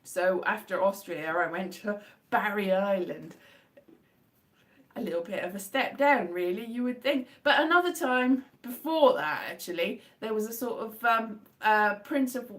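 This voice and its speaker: A woman's voice: a little slow, distant mic. A woman chatting casually on a live stream, telling rambling stories with lots of restarts and self-corrections. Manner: animated, jumps into high-pitched acted exclamations.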